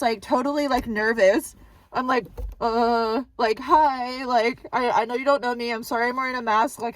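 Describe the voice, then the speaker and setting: Young woman, chatty and excitable, fairly high voice, dry close sound. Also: no echo. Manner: chatty, filler-heavy, excitable. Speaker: vlogger. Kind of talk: casual storytelling.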